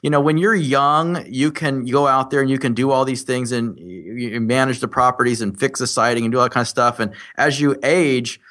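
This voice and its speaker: A man appearing as a podcast guest, talking through his ideas in a thoughtful, explanatory way. His voice has a bright, forward ring. He speaks at a middle pitch. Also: fairly quick, hardly any pauses. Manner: reflective, explanatory. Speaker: podcast guest, real estate investor. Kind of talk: casual podcast interview.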